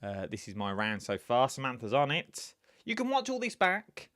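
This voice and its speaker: A man's voice: mid-range voice, huge pitch swings, normal speed, fairly bright tone, dry recording, clean studio sound. A man hosting a live-streamed quiz, talking to viewers in a chatty, rambling way with lots of asides. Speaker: quiz host.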